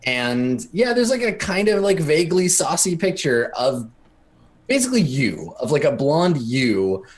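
A man's voice: a little high, very animated, unhurried. A man narrating as game master in a tabletop game, talking casually with lots of fillers. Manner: casual, full of fillers, laughs often.

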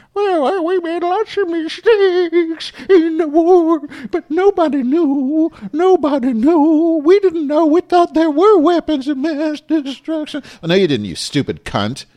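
A man's voice: lowish voice, a little mellow, dry recording, studio quality. A man ranting furiously about politics in a profane, rambling way, often correcting himself mid-sentence. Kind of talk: angry profane political rant.

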